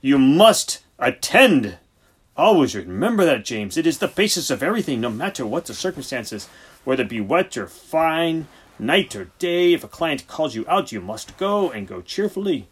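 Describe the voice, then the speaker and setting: A man voicing a preachy, husky senior vet. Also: fairly high pitch, big pitch swings, normal speed, pitched above the performer's own voice. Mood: lecturing. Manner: brusque, preachy, theatrical. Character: exasperated, lecturing senior country vet, man. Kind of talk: audiobook character voice.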